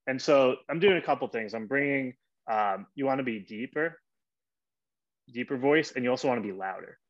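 A man hosting his own podcast, giving an energetic coaching monologue and acting out short example voices. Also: mid-range voice, moderate pace, dull audio. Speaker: podcast host.

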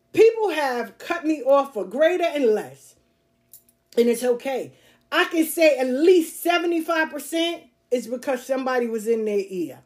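Blunt, emphatic woman podcaster, slightly high voice. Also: a little mellow. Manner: blunt, emphatic, repeats catchphrases, laughs often. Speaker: podcast host. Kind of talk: casual monologue.

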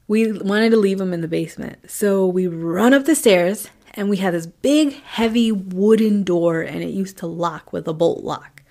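A woman telling a personal story in a casual, animated way, acting out quotes and sometimes dropping to a whisper. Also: medium pitch.

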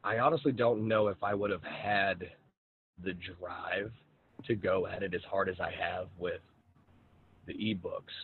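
Man, podcast host, very low voice, phone-like sound, faint hiss, relaxed and frank. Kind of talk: casual conversational interview.

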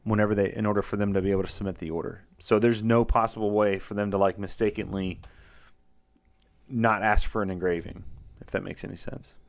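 Podcast co-host, man, low voice, chatty and rambling. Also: steady tone, fairly quick, vocal fry. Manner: rambling, repeats words when explaining. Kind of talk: casual chat.

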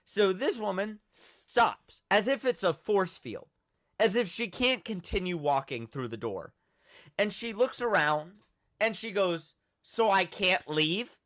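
A young man hosting a podcast, telling a story in a casual, animated way and acting out the quotes. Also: sits high, measured pace, no room sound. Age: young adult. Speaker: podcast host.

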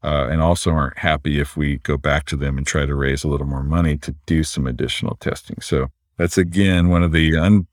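A man, a physician and entrepreneur, explaining things in a relaxed conversational way and often tagging his points with "right?". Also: a bass voice, dry recording, clean studio sound. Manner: relaxed, explanatory, frequent "right?" tag questions.

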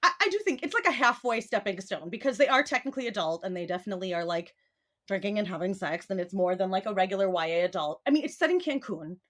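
A woman's voice: medium pitch, expressive, fast talker, a bit bright. A woman author, a guest on a podcast, talking casually with many fillers and laughs through her sentences.

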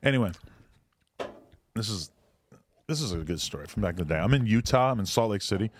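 A man's voice: lowish voice, animated, a little fast, dry recording. A man in his twenties co-hosting a podcast, joking crudely and reading a product label aloud in casual banter. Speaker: podcast co-host.

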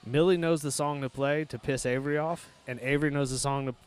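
A man's voice: medium pitch, steady tone, fast talker, clear, resonant tone. A man tells stories about his kids on a casual podcast. He swears freely and keeps things loose and joking. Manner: profane storytelling, loose and joking. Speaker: podcast host, father.

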